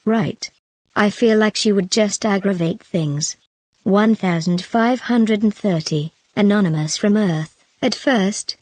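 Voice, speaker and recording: Woman reading numbered chat comments off a story, steady even delivery, dry close sound. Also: mid-range voice, no room sound. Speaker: narrator.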